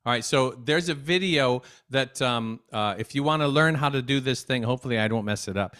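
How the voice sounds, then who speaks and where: Man, cheerful at-home kids' music teacher, smooth clear voice, mid pitch, speaks right to the children. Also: brisk, fairly bright tone. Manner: upbeat, chatty, speaks straight to young viewers. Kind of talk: at-home music lesson for kids. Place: home desk.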